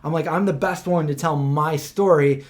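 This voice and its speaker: A man hosting a livestream, telling stories in a casual, rambling way, full of fillers and animated retellings. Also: a little high, moderate pace. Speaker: host of a livestream. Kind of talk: casual storytelling chat.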